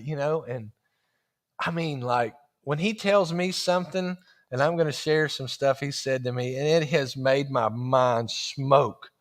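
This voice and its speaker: A man telling a folksy story from the pulpit. He speaks in a fairly high voice, acts out the dialogue and keeps the telling animated. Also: slow pace. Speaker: guest preacher. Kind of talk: storytelling sermon.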